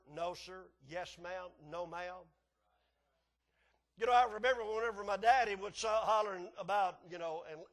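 A man with a high-sitting voice preaches a folksy sermon, chuckling at his own stories and swinging from soft asides to hollering.

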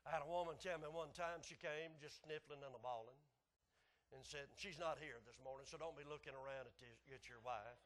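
Preacher man, high voice, folksy, goes quiet then hollers. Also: fairly quick. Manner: folksy, swinging between hushed and shouting. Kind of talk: sermon.

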